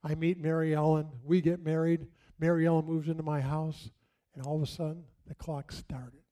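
Delivering a sermon, this middle-aged pastor speaks in a warm, level voice that sits fairly high. His storytelling is conversational, punctuated by dramatic pauses.

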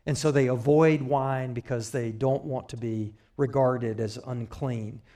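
A man preaching a sermon, explaining scripture in a measured way with light asides. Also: medium pitch, fairly even intonation, warm tone.

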